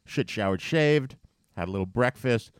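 A man telling a story in a casual chat, animated and profane, getting heated as he goes. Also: medium pitch, normal speed, smooth, no room sound, studio quality. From New York.

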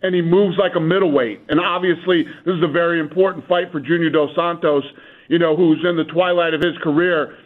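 Guy on a phone line, tinny, hyped promoter rattling off stats, kinda high voice. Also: steady tone. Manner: brisk, enthusiastic, reels off stats. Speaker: fight promoter, radio guest. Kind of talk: phone-in radio interview.

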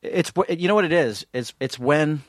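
A man's voice: on the high side, normal speed, dry recording. Guy cohosting a chat show, rambly storyteller, dry close sound. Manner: rambling storyteller, chatty with many restarts. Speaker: podcast co-host. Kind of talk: casual chat.

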